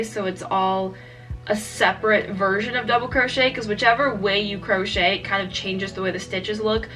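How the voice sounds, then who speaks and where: This is a young crochet vlogger with a stuffy cold, talking casually and wandering off topic as she shows her project, chatty and self-deprecating. Her voice is medium-pitched and a bit bright, recorded from some distance.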